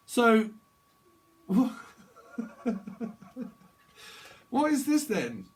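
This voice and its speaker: A man's voice: extremely high pitch, wildly swooping pitch, very slow, pauses often, a little mellow. A man giving a rambling, jokey tarot reading, laughing often between his thoughts. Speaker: tarot reader. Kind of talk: casual tarot reading monologue.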